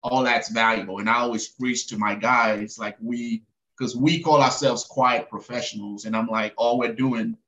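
A man's voice: lowish voice, a bit bright, rough recording. A middle-aged man speaking as a guest in a casual conversation, earnest and agreeable, with many fillers. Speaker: guest, Navy SEAL.

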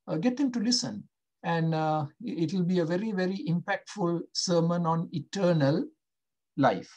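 A male pastor preaching a sermon, slow and emphatic, often asking the listeners questions. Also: sits high, a little mellow.

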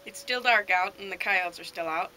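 In an improvised comedy sketch, a woman plays a dim, cheerful male deer hunter, telling a rambling story deadpan. Her medium-pitched, moderately paced voice stays close to everyday speech over a noisy home video recording.

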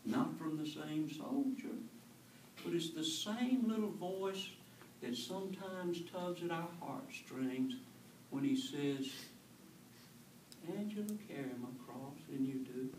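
A man's voice: a little high, slow pace, darkish tone, slight background noise. A male pastor preaching an earnest, conversational sermon, asking his congregation questions. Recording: echoey church from far off.

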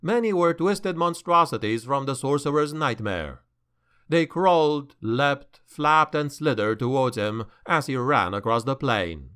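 A male audiobook narrator reads dark fantasy with slow, dramatic pacing. His voice is bright and crisp, and his pitch rises and falls freely. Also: animated.

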